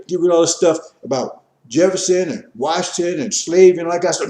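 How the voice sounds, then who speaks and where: A man giving an impassioned religious lecture, preachy and repetitive, rising to forceful emphasis. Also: high voice, quick pace, hardly any pauses, reverberant. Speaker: religious teacher.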